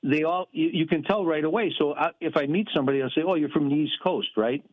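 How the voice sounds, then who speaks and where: A man's voice: on the high side, fast talker. Folksy male caller on a phone line. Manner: rambling, folksy, many fillers. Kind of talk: phone-in storytelling. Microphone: telephone.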